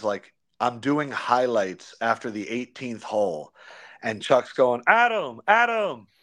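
A young man, a sports broadcaster, chatting in an interview, telling stories with slang and quick impressions of colleagues. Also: medium pitch. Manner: animated storyteller, slangy, does quick impressions. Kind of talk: casual interview chat.

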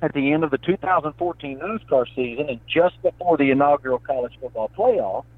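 A man from southwest Virginia with an Appalachian accent joins a casual interview as a guest, a sports reporter. His somewhat high voice comes over a tinny phone line with no room sound. He's a folksy, animated storyteller who keeps saying "man" and "brother."

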